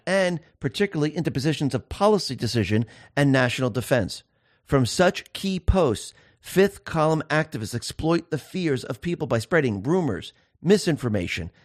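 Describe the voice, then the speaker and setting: A man speaks in a solo political commentary show, and his voice swings widely up and down as he makes his case. He keeps asking his listeners rhetorical questions and repeats key words for emphasis. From time to time he slows down to read passages aloud. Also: medium pitch, darkish tone. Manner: reads quoted passages aloud.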